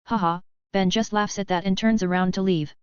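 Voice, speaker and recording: Smooth-voiced woman reading a fanfic novel. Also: medium pitch, fairly even intonation, brisk, darkish tone, no echo. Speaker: audiobook narrator. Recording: dull, lo-fi, dry sound.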